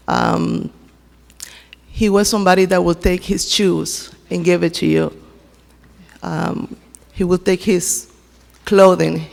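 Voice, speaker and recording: At a memorial service, a church member offers a heartfelt personal testimony in her fairly low, creaky voice, pausing and starting over many times. Her words ring out across a large, echoing church sanctuary.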